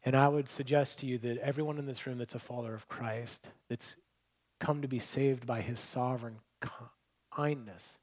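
A man preaching a sermon as pastor, telling stories, shifting between loud emphatic points and quiet, hushed lines. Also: medium pitch, fairly even intonation, moderate pace. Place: church hall with congregation.

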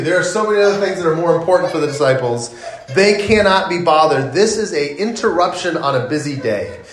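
A male pastor preaching a sermon, telling the story in a lively way and acting out the people in it. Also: fairly high pitch, brisk. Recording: echoey room.

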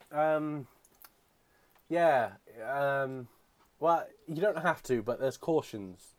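A man from England co-hosting a casual chat podcast, playful and quick to laugh. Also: fairly high pitch, darkish tone. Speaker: podcast co-host.

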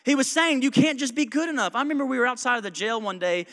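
A male pastor preaching a sermon in a church, conversational and joking, with quick asides, frequent chuckles and a self-described smart-aleck streak. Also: very high-pitched, a bit bright. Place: church sanctuary. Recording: long reverb of a church hall.

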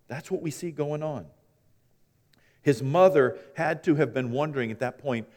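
Pastor man preaching, folksy and animated, kinda high voice, long echo from the church hall. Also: a little fast. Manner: folksy storytelling, swings from hushed to loud and animated. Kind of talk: sermon.

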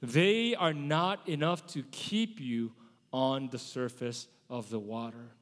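A man's voice: mid-range voice, slow pace. A man in his forties, a pastor giving a conversational sermon and asking his congregation questions. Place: church sanctuary. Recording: long church hall reverb.

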